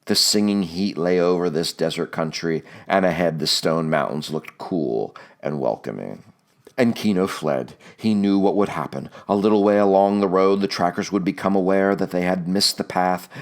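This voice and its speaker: A male audiobook narrator with a deep, low voice. He reads in a measured, deliberate manner, slowing down to weigh his phrases.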